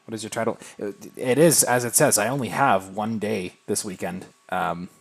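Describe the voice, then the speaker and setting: A man casually chatting on a live game stream, thinking aloud and answering viewers in a relaxed, self-deprecating way. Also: lowish voice, normal speed, vocal fry. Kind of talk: casual live-stream chat while playing.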